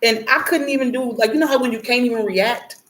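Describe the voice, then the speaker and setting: A woman's voice: on the high side, fast talker. A woman hosting a spiritual reading and prayer message, talking casually and bluntly to viewers, swearing and laughing as she rambles. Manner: blunt and profane, laughing, animated when ranting.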